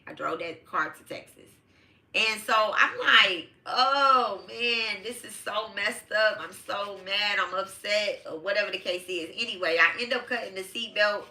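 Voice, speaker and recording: Middle-aged woman from Detroit, very bright tone, blunt, profane live storyteller. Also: mid-range voice. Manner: emphatic, profane, addresses listeners as y'all. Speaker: host of a live tarot show. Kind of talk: casual storytelling to a live audience.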